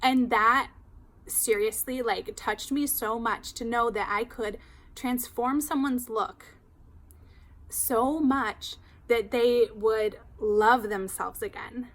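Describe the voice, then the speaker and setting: A woman hairstylist telling a client story in casual, animated chat, full of "like". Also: a little high, slow pace. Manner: chatty, animated, heavy use of "like".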